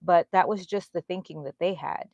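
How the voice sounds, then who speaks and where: Texas lady chatting on her live stream, warm and talky, reading out viewer names, dry close sound. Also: lowish voice, moderate pace, dry recording, lo-fi sound. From Texas, USA. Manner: chatty, affectionate, reads viewer names aloud. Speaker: livestream host. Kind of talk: casual live chat with viewers.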